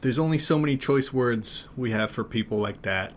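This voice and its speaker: A man's voice: mid-range voice, moderate pace, slight background noise. A man co-hosting a podcast in casual chat, laughing along and dropping wry asides. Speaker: podcast co-host.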